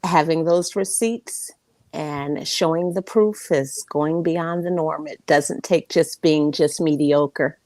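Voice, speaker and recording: Woman caller with a lowish voice, dry sound, sincere and chatty. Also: fairly even intonation, takes it slowly, darkish tone, no echo. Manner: effusive praise, then earnest opinion. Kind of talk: casual call-in chat.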